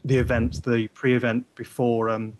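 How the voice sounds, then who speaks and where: A man's voice: mid-range voice, little pitch movement, normal speed. Hesitant, enthusiastic man explaining a game. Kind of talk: casual gaming chat.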